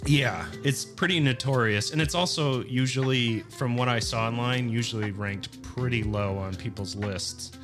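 A man's voice: medium pitch, moderate pace, few pauses, over music. A man co-hosting a casual podcast, chatting and reading game history notes with light chuckles. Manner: relaxed, reads dates and facts, chuckles. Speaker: podcast co-host.

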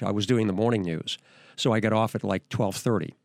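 A man's voice: fairly low pitch, steady tone, brisk, a little mellow, no room sound, studio quality. An older man, a veteran news anchor, hosting a podcast and telling stories with enthusiasm and frequent restarts. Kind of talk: podcast storytelling.

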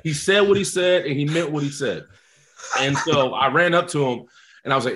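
Animated New man telling stories. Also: a little high, moderate pace, a little hiss or hum. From South Bronx, New York. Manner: animated, laughing, says "man" often. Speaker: guest, former football player. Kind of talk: casual storytelling interview.

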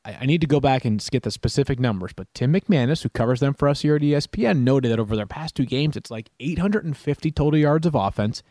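A man's voice: medium pitch, fast, hardly any pauses, dry recording, studio quality. A man hosting a sports podcast, breaking down fantasy football picks in casual, detailed talk. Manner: animated, detailed stat talk.

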